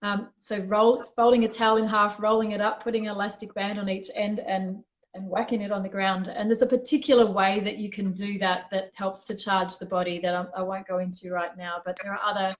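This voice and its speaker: A woman's voice: mid-range voice, little pitch movement, a little fast, hardly any pauses, dull audio. A woman being interviewed as a guest, telling a personal story in a candid, reflective way and often restarting her sentences. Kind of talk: conversational interview.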